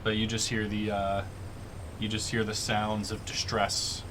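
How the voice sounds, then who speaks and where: A man's voice: lowish voice, completely flat delivery, measured pace, noisy background. A man narrating as game master of a tabletop game, hesitant, with many fillers. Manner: hesitant, many ums and uhs; laughs often.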